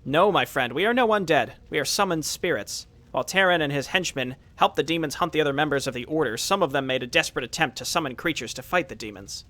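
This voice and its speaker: A man plainly reads out a summoned fire spirit who was once a man, solemn and earnest as he pleads his case in a strategy game. The voice sits fairly high and sounds bright and forceful. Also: expressive, fast talker, few pauses. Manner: read aloud from game text, plain.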